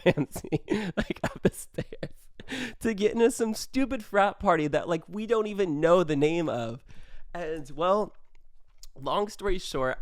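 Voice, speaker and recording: A man's voice: fairly high pitch, no echo, studio quality. A young man hosting a podcast, telling a story in a rambling, casual way, full of like and swearing. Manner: rambling, peppered with like, swears freely. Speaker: podcast host.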